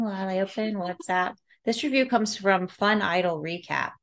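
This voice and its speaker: A woman's voice: medium pitch, normal speed. Chatty woman podcast co-host. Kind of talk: casual chat.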